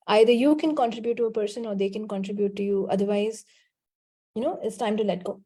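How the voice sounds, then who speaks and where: A woman's voice: mid-range voice, fast talker, warm tone. A woman leading a group coaching call over video, blunt and direct, scolding at times. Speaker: healing coach and call facilitator.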